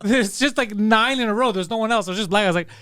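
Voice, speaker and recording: A man hosting a podcast in casual chat, with rapid, laughing banter. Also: high-pitched, pushed and bright, clear, resonant tone, no echo, clean studio sound. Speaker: podcast host.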